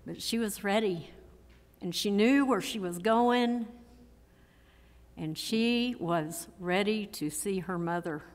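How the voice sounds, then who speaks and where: Slow-speaking woman in her sixties giving a eulogy. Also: medium pitch. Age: 60s. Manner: slow, emotional, measured delivery with repeated phrases. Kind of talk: memorial eulogy. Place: church sanctuary. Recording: long church hall reverb.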